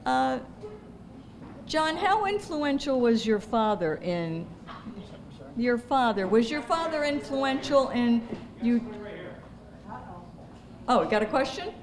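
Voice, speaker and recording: A woman's voice: high-pitched, very animated, slow pace, pauses often. A woman hosting a gala, lightly coaxing the audience for stories and questions. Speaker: event host taking audience questions. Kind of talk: moderating a gala Q&A. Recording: echoey hall with crowd chatter.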